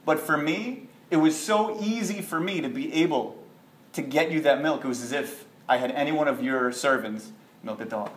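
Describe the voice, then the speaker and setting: A man voicing a boastful talking mouth in a parable, slow, low and self-assured. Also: natural voice. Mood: smooth. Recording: echoey room.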